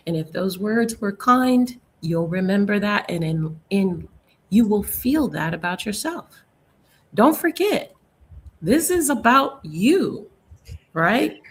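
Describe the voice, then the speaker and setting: A woman's voice: medium pitch, expressive, slow pace, breathy edge. A woman on a live panel discussion, speaking in an earnest, emphatic, teaching manner.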